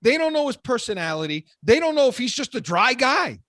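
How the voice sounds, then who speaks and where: A man's voice: extremely high pitch, very animated, a little fast, sharp tone, dry recording. A man hosting sports talk radio, ranting with heat and repeating words as he gets worked up.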